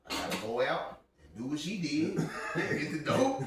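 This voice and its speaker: A man hosting a podcast, telling stories in a casual, animated way and acting out the other people's voices with bursts of laughter. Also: fairly high pitch, unhurried. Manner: animated, laughing storyteller who acts out voices. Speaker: podcast host. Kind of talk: casual chat, storytelling. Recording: echoey room, distant mic, crowd noise.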